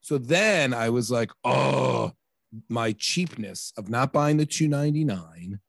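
A man's voice: mid-range voice, slow pace, vocal fry, dry recording, clean studio sound. A man in his thirties or forties, a podcast co-host, telling a family story in casual chat and acting out the dialogue with exasperation. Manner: animated, exasperated, acts out quoted dialogue.

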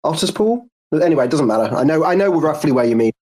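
A man explaining things in a halting, agreeable way during a casual online audio chat. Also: a little high, a little mellow.

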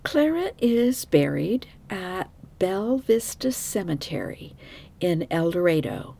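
A woman's voice: medium pitch, gravelly, dark tone. A woman hosting a true crime podcast, telling the case in a frank, opinionated, conversational way with asides to her listeners. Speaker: podcast host.

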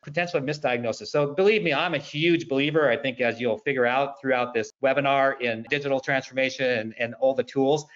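A man's voice: medium pitch, fairly even intonation, fairly quick, few pauses, a bit bright, lo-fi sound. A man speaking as a panel guest on a webinar, telling personal stories in a conversational way. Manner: storytelling, conversational. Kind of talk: webinar discussion.

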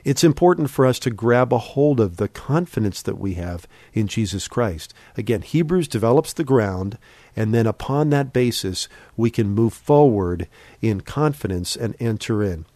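A man teaching the Bible on a podcast in an earnest, exhorting sermon style, slowing down and speeding up for emphasis. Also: lowish voice, lively intonation, mellow, dry recording.

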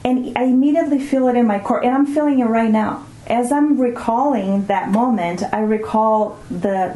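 Calm woman in a roomy space. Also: fairly high pitch. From Brazil. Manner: calm, reflective, often slows to stress words. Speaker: mindfulness teacher, guest. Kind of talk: explanatory interview talk. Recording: roomy echo.

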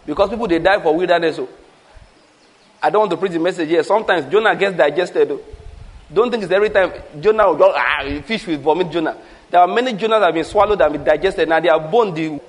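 A Nigerian-accented male preacher with a notably high voice, delivering a sermon with lots of repetition. He drives points home with rhythmic lists and slips in humorous asides to the congregation. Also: low-quality recording.

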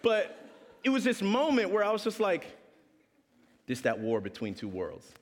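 A young man from Canada giving a humorous testimony talk, telling a story with animated delivery. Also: high voice, moderate pace. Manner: animated storyteller, acting out voices. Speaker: speaker. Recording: long hall reverb.

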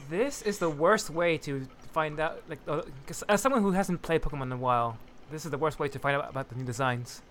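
A man's voice: a little high, brisk, crowd noise. A man tossing joking asides into a casual group voice call. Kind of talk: casual chat.

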